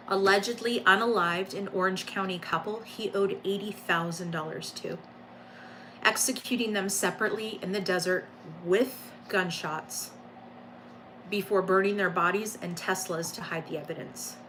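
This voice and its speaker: A woman's voice: medium pitch, moderate pace, fairly bright tone, a little hiss or hum, rough recording. A woman hosting a live stream at home, reading crime news aloud and chatting with viewers, with blunt, offhand asides.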